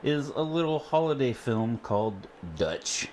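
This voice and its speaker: A man's voice: a little slow, slight background noise. A man co-hosting a podcast at home, talking casually and laughing often. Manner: animated, laughs often, quotes lines in a higher voice. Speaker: podcast co-host. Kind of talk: casual chat.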